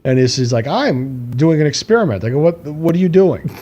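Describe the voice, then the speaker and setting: A man's voice: a little high, expressive, brisk, dark tone, breathy edge, muffled recording. A man co-hosting a podcast, telling a long rambling story with many fillers, laughing and acting out quotes. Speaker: podcast co-host. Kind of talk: casual chat.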